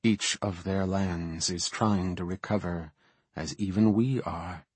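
A man voicing a calm night elf high priestess, speaking softly and gravely in an audiobook. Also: slow pace, no room sound, full character voice.

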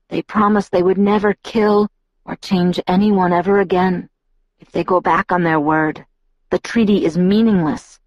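A woman's voice: lowish voice, a little mellow, no room sound, muffled recording, close to an everyday voice. Woman voicing a bitter brooding teenage boy.

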